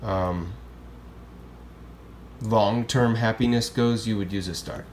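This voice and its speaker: A man's voice: lowish voice, steady tone, takes it slowly, darkish tone, slight background noise. A man who teaches Spanish, explaining grammar in a casual, chatty classroom style and often checking in with "okay?" and "right?".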